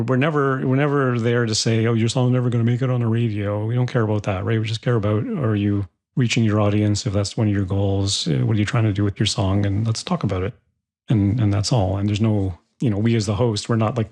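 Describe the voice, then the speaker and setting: A man's voice: on the low side, gravelly, a little mellow, husky. A man hosting a songwriting podcast, chatting casually and rambling with many restarts. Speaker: podcast host. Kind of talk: casual interview chat.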